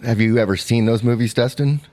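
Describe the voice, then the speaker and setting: A man co-hosting a podcast, teasing his friends in quick casual banter. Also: mid-range voice, fairly even intonation, darkish tone, no echo. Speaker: podcast co-host. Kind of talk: casual chat.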